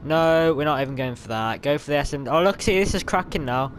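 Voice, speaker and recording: A young man giving excitable live commentary over his gameplay, yelling at other players and grumbling when things go wrong. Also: fairly high pitch, fast talker, slight background noise. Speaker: gamer. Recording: game sounds loud behind voice.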